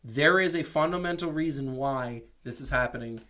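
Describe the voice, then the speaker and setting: A man co-hosting a casual sports talk show, animated and opinionated, often restarting his sentences. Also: medium pitch, moderate pace. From New York. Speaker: podcast co-host. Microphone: streamed show mic.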